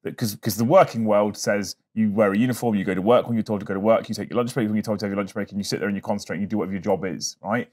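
A man hosting a podcast, telling stories in an animated, casual way and swearing freely. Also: lowish voice, very fast, hardly any pauses. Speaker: podcast host. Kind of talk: casual chat.

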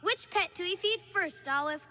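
A woman's voice: very high-pitched, moderate pace, sharp tone, slight background noise. A woman voicing a brave, curious young boy, the eager and upbeat lead, with music behind him. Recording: cartoon soundtrack with music.

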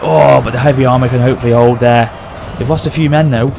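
A man hosting a gaming channel, excitedly commentating a battle over gameplay and often addressing his audience. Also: mid-range voice, fast, gravelly, background noise.

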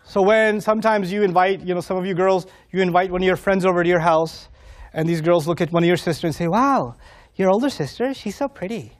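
High-voiced man giving a lively sermon. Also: quick pace. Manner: animated, acts out dialogue, laughs often. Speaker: preacher. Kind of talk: humorous sermon to a live audience.

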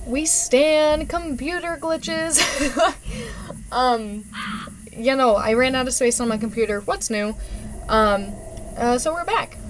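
A woman giving excitable, giggly commentary while playing a video game. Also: sits high, slow, a little hiss or hum, low-quality recording. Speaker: gaming video creator. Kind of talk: let's play commentary. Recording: game music playing underneath.

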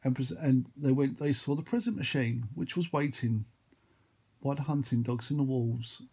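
A man telling a long, rambling made-up story, full of excited sound effects. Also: mid-range voice, normal speed, gravelly, breathy edge. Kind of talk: improvised storytelling.

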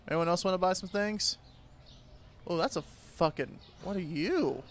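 A young man with a fairly high voice and vocal fry makes a gaming video, commenting on gameplay in an unhurried, crude, sarcastic way. He swears freely, swinging from low mutters to loud outbursts at the customers. Faint background noise lies under his voice.

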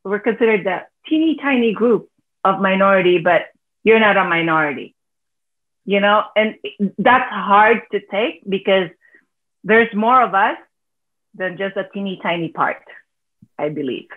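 A woman with a Filipino accent talks on a panel with an earnest, heartfelt manner and laughs softly now and then. Her voice sits at a middle pitch. The video call audio is thin and tinny, like a phone line. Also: unhurried, pauses often. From Philippines. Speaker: teacher, panelist. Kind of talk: panel discussion.

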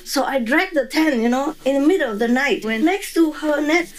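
A woman's voice: high voice, animated, normal speed, rough recording. A woman being interviewed who tells a story with animation, laughing often and acting out voices and sounds.

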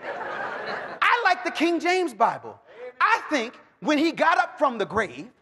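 A man teaching the Bible to a live audience, animated and joking, calling for responses and bursting into shouts. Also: extremely high pitch, takes it slowly. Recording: long hall reverb.

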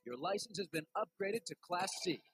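An actor playing a brash, upbeat male radio DJ in a racing video game, speaking scripted radio patter with a husky voice. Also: high-pitched, expressive, moderate pace, a bit bright, faint music behind, full character voice, poor audio. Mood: announcing.

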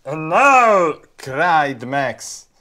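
A woman's voice: extremely low pitch, slow, heavily acted. A woman playing a timid, tired old man who stumbles through broken English and keeps apologizing. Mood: weary, apologetic.

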